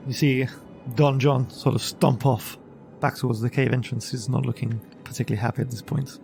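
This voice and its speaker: Gravelly-voiced male game master. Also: medium pitch, level tone, moderate pace, a little mellow, soft background music. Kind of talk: narrating a tabletop game.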